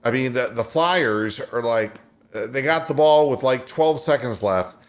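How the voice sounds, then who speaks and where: A sports radio host in casual talk, retelling games play by play like a storyteller. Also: male voice, medium pitch, expressive, unhurried.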